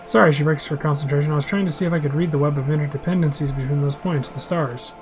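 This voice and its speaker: A man's voice: a little high, fairly even intonation, fast talker, over music, low-quality recording. A man reading a role-playing game's dialogue aloud in a plain voice, with small slips and restarts. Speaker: game describer.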